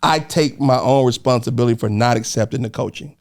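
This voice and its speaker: Casting: young man, lively storyteller, mid-range voice, does voices for others, laughs often. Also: medium pitch, a little fast. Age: 20s. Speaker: podcast guest. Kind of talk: casual storytelling.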